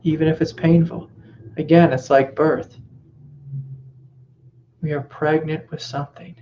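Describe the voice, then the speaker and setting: A middle-aged man giving a spiritual teaching talk in a gentle, reflective way, sometimes dropping into soft reassuring whispers. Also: on the high side, flat delivery, a little slow, muffled recording, a little hiss or hum.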